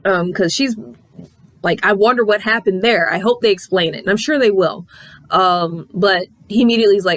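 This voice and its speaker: A woman reviewing a comic in casual chat, animated and swearing freely as she recaps the story. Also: mid-range voice, moderate pace.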